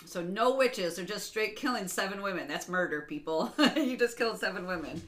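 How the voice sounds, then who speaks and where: A bright-voiced woman hosting a casual chat podcast. She rambles through her stories and laughs easily, with a loose, unscripted flow. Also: mid-range voice, expressive. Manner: giggly, rambling, quick to laugh. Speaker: podcast co-host.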